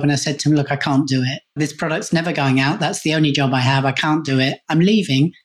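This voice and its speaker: A man's voice: on the high side, fast talker, hardly any pauses. A man, a podcast guest and coach, recounting a personal story in a candid, conversational way. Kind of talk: casual storytelling.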